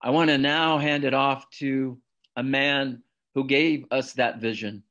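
A man acting as forum moderator, introducing the next speaker in a measured way. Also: mid-range voice, fairly bright tone.

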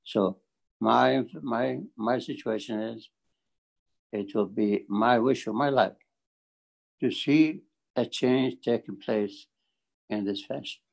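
Halting older man with a gravelly voice. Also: medium pitch, poor audio. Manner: halting, repeats words, emphatic. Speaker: community forum speaker. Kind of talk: speech at a community forum.

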